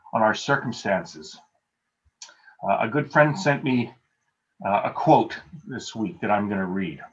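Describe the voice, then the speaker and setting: A man's voice: medium pitch, lo-fi sound. A man preaching a sermon as pastor, earnest and emphatic, repeating key phrases for weight.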